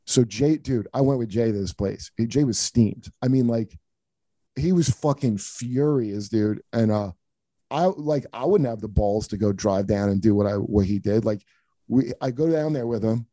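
A middle-aged man hosting a podcast spins profane, rambling stories, restarting his sentences as he goes. His voice is very dark and mellow. It sits in a mid pitch, heard dry and close with no room around it. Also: moderate pace, no room sound. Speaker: comedian podcast host. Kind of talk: casual storytelling chat.

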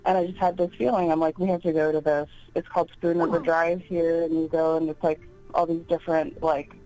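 A woman's voice: lowish voice, warm tone, no room sound, rough recording. A woman calling in to a show, telling a story in an earnest, chatty way. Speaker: caller. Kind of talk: phone-in storytelling.

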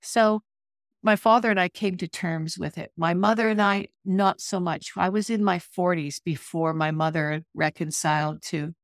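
A middle-aged woman, a podcast guest, telling a personal story in a vivid, animated way over a video call. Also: fairly low pitch, moderate pace, no room sound, studio quality.

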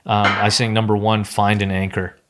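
Male podcast host, 30s, lower register, casual, rambling delivery with frequent restarts. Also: little pitch movement, normal speed, fairly bright tone, a little hiss or hum. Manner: rambling, many restarts and fillers. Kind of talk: casual conversation.

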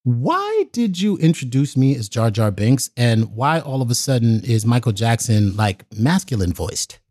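A man's voice: mid-range voice, measured pace, no room sound, clean studio sound. A man, a guest on a talk show, telling a story animatedly, acting out voices and checking in with "right?". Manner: lively, acts out voices, says "right?" a lot. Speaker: guest actor.

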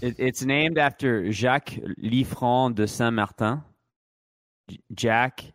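Casting note: man co-host, mid pitch, dry close sound, playful banter. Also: slow, dry recording. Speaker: podcast co-host. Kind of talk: casual sports talk.

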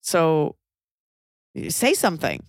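A woman's voice: deep voice, huge pitch swings, takes it slowly, no echo, clean studio sound. Blunt, emphatic woman giving advice. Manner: blunt, emphatic, swearing freely. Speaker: podcast co-host giving advice. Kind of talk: casual advice chat.

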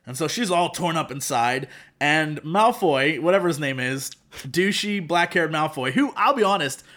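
A man's voice: a little high, moderate pace. Sarcastic man recapping a movie. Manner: sarcastic, animated storytelling with mock quotes. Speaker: podcast co-host. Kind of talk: casual movie recap chat.

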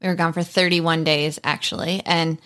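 A woman in her thirties hosts a podcast in a bright, sharp-toned voice. She talks in an upbeat, lighthearted and quick way, like casual chat with friends. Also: low voice, fairly even intonation. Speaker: podcast host.

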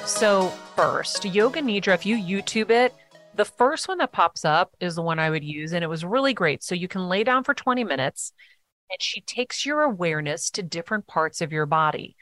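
A woman's voice: fairly low pitch, animated, fairly quick, a bit bright, no room sound, soft background music. A woman speaking as a podcast guest, telling stories earnestly and acting out what others said. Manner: earnest, storytelling, acts out quotes. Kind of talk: casual interview talk.

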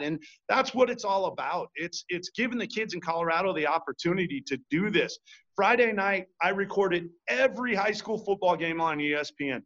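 A man's voice: high-pitched, animated, fairly quick, fairly bright tone. A man hosting sports talk, emphatic and passionate, often stumbling over restarts as he builds to heated appeals. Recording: dull lo-fi audio.

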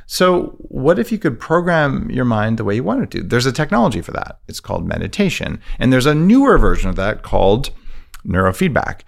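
Gravelly-voiced man explaining, fast and emphatic. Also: mid-range voice, very animated. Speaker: podcast guest, author. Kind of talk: interview, conversational.

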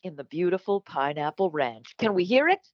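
Lively, playful woman podcast host. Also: lowish voice, moderate pace, no echo, dull audio. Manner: playful, laughs often, slips into bits. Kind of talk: improvised comedy banter. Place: home setup, remote from co-host.

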